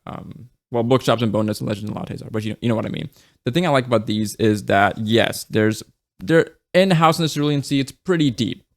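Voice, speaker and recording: This man's voice sits at medium pitch and moves a little fast as he enthuses about books in a casual chat. A book reviewer, he curses openly and keeps tossing in "like" and "right?"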